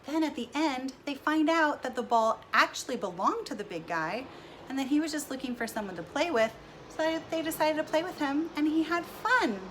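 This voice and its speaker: A woman's voice: high-pitched, animated, normal speed, fairly bright tone, slight background noise. A woman teaching first graders, narrating cheerfully as she draws. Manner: cheerful, narrating while drawing. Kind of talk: recorded lesson with drawing.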